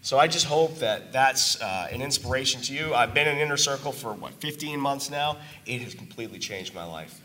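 A man's voice: medium pitch, lively intonation, a little fast, few pauses, sharp tone. A man giving an earnest, emotional testimonial to a live audience, his voice worn from talking a lot. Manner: earnest and emotional, with emphatic asides. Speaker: business owner giving a testimonial.

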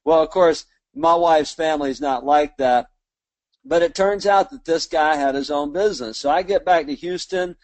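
A man's voice: a little high, normal speed, dry recording. A man in his fifties from Alabama, speaking with a Southern accent and giving a motivational talk as a small business owner, folksy and self-deprecating. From Mobile, Alabama. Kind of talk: motivational storytelling speech.

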